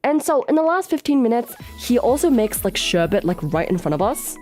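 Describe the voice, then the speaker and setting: A woman streamer telling a story in casual, animated chat, giggly and rambling. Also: a little high, fairly quick, soft background music.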